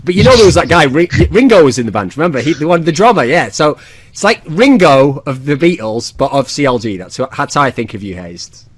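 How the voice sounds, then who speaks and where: A man's voice: on the high side, lively intonation, a little fast, slightly rough, dry recording. Casting: man, podcast host, joking and teasing, dry close-miked sound. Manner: teasing, joking, lots of laughing asides. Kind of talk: casual podcast chat.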